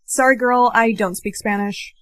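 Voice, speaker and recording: A young woman acting out comedy skits with bright, emphatic reactions. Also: on the high side, fairly even intonation, normal speed, no room sound. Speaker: skit performer.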